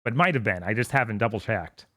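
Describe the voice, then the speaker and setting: A man's voice: lowish voice, animated, fast talker, bright, forceful tone, no room sound, studio quality. A man co-hosting a gaming podcast, talking casually with many fillers and restarts. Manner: hesitant, filler-heavy. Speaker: podcast co-host. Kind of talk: casual chat.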